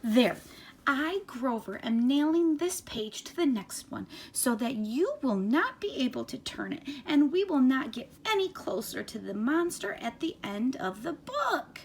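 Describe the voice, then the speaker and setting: Lady putting on a squeaky high frantic furry monster guy from a storybook, all worked up and swooping around. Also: sing-song, a little slow, a little mellow, breathy edge, heavily acted. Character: fretful, excitable furry male monster. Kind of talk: reading a picture book aloud.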